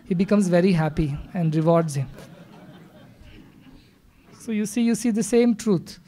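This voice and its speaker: A man giving a live spiritual discourse in a hall, speaking in a measured way and explaining with stories and scripture verses. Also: sits high, warm tone. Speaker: spiritual teacher. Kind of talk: satsang discourse.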